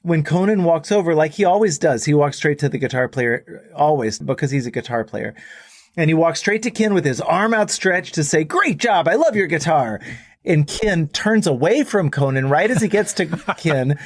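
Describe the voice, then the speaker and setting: Man, middle-aged, from Texas, podcast guest, rambling animated storyteller, dry close sound. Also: a little high, moderate pace, no echo. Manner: rambling, animated storyteller who acts out quotes. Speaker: guest musician. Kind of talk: casual anecdote on a podcast.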